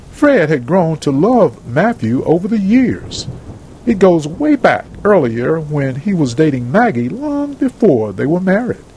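A man's voice: fairly high pitch, darkish tone, slight background noise, rough recording. A man reading a story aloud in a plain, earnest storybook narration.

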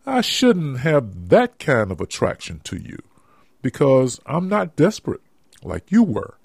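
A man's voice: medium pitch, wildly swooping pitch, a little slow, vocal fry, darkish tone, slightly rough, no room sound, studio quality, heavily acted. A man voicing a sheepish, lovestruck married man in an amateur audio drama, speaking earnestly. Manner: earnest, swooping intonation.

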